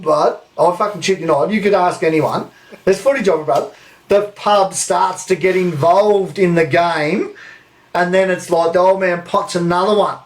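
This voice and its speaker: A young Australian man telling a story on a live podcast, animated and swearing freely. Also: high voice, normal speed, low-quality recording. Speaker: podcast co-host.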